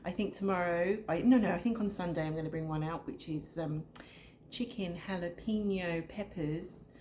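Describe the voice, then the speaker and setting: A middle-aged woman talks her viewers through a home cooking demo in an easy, chatty way. Her voice sits a little low and sounds soft and mellow. It is picked up by a camera on the kitchen counter, with a faint hiss underneath. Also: moderate pace. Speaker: cooking vlogger. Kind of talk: casual cooking demonstration.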